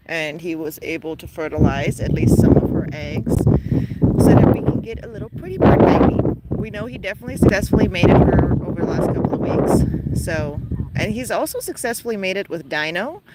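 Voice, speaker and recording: A woman's voice: lively intonation, normal speed. A woman who keeps pet geese, chatting casually outdoors by a pen near water and laughing often. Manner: chatty, laughs often, coos at the birds in a high voice. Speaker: pet goose keeper and channel host. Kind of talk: casual vlog narration. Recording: loud outdoor background noise. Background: loud outdoor noise and geese.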